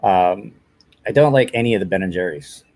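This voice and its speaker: A man's voice: sits low, expressive, fairly quick, a little mellow. A man in his forties hosting a casual live stream, tired and run down, rambling with many fillers and apologies. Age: 40s.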